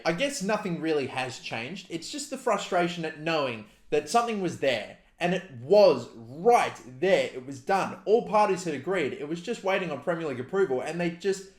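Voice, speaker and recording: A young Australian man with an Australian accent, ranting furiously with heavy swearing. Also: fairly high pitch. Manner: furious, profane, heated ranting. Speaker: football fan vlogger. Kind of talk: angry rant to camera. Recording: roomy echo.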